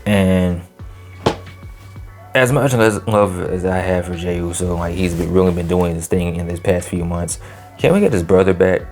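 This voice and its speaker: A man with a low voice runs through a wrestling show in a loose, chatty solo review. He leans on fillers and slang and breaks into laughs now and then. Soft music plays underneath. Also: fairly even intonation, normal speed. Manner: laughs often between remarks. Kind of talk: casual solo review vlog.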